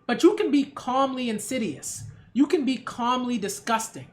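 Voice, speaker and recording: A woman's voice: on the high side, lively intonation, moderate pace. A woman hosting her own channel, giving a casual opinion rant with emphatic, sarcastic delivery and frequent rhetorical "right?" check-ins. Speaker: culture critic and channel host.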